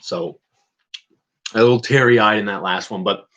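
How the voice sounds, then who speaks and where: A Canadian man hosts a casual livestream chat, his voice on the low side and fairly bright, at a normal speed. He rambles and hesitates, restarting and correcting himself with lots of fillers. The audio quality is poor.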